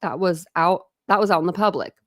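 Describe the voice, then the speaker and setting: A woman reads a book aloud on a live stream from home during a thunderstorm, often pausing to chat, laugh and trip over difficult words. Her voice is lowish and fairly bright, and she speaks fairly quickly. The audio is studio quality with no room sound.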